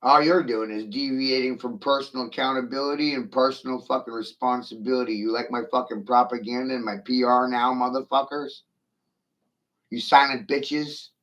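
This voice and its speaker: A man's voice: mid-range voice, steady tone, normal speed, a bit bright, low-quality recording. A middle-aged man in a profane, taunting rant, swearing aggressively at his critics.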